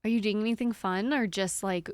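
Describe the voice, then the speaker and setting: A woman's voice: medium pitch, steady tone, fairly quick, smooth, no echo, clean studio sound. A young woman streaming a game from home, chatting and giggling with her viewers and her dog into a desk microphone. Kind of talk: casual live-stream chat. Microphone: desk microphone on a squeaky stand.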